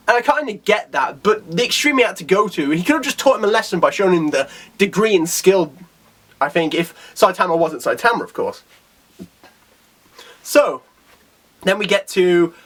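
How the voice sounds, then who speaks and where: A man's voice: sits high, lively intonation, brisk, a bit bright. Chatty man reviewing a comic. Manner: rambling, enthusiastic, many fillers and restarts. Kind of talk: casual video review.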